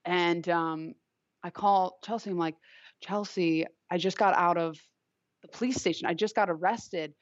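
A woman's voice: on the low side, a little slow, dry recording. A young woman from Long Island tells a story from her own life in loose, chatty talk, full of "like" and "you know." The sound is muffled and lo-fi, with a dry, close feel and no room around her. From Long Island, New York. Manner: chatty, heavy use of "like" fillers. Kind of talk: casual personal storytelling. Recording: dull, lo-fi, dry recording.

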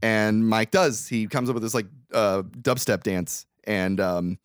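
Man podcast co-host, low voice, dry close mic, profane animated recap. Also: unhurried, clean tone, no room sound. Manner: profane, animated retelling with acted quotes. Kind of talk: casual movie recap chat.

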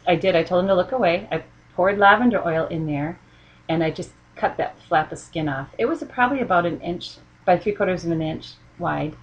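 Chatting through a relaxed storytelling monologue, a husky-voiced middle-aged woman with a fairly low pitch laughs a lot and acts out the voices she quotes. The recording's high frequencies are cut off.

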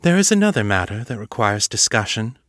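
A man voicing a formal, measured woman ruler in an audiobook reading. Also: fairly low pitch, very animated, fairly bright tone, dry recording, clean studio sound.

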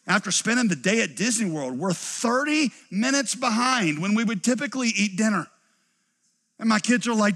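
Animated man preaching in a reverberant hall. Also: high-pitched. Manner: animated, acts out quoted voices, drops to quiet emphasis. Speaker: pastor. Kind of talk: sermon.

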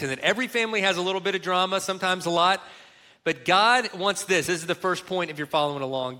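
A man's voice: fairly high pitch, sharp tone. A middle-aged man preaching a sermon as a pastor, earnest and emphatic, repeating key words for weight.

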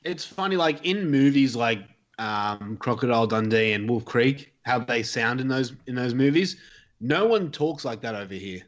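A man's voice: medium pitch, expressive, normal speed, lo-fi sound. A man with an Australian accent, an easygoing podcast guest explaining things in casual chat.

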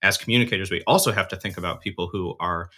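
A man hosting a podcast in an upbeat, friendly manner. His voice is low-pitched but bright and forceful, and he chats casually with easy fillers. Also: racing. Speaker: podcast producer and host.

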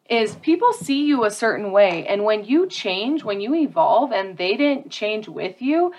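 A woman's voice: medium pitch, highs cut off. A woman speaking earnestly and directly about handling conflict. She talks casually to her listeners and repeats key phrases for emphasis. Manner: casual, addresses listeners as "y'all" and "you guys". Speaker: self-help speaker. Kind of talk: motivational talk to an audience.

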